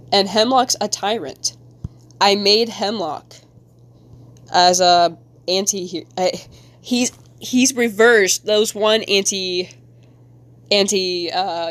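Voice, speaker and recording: Giggly young woman chatting on stream. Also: medium pitch. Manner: rambling, giggly, talks to chat. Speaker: live-streaming artist. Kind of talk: casual live-stream chat while drawing.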